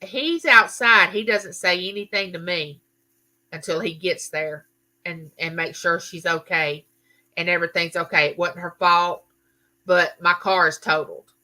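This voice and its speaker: A woman's voice: on the low side, fairly even intonation, measured pace, pushed and bright. A middle-aged woman, telling a story in a casual live chat and answering viewers. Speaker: livestream host.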